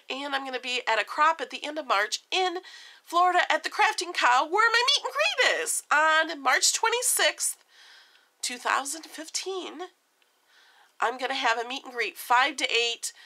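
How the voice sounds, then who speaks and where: A woman's voice: high-pitched, creaky, bright, forceful tone. A woman vlogger chatting casually to the camera, rambling and scattered, jittery and overstimulated, laughing at herself as she goes. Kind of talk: casual vlog chat.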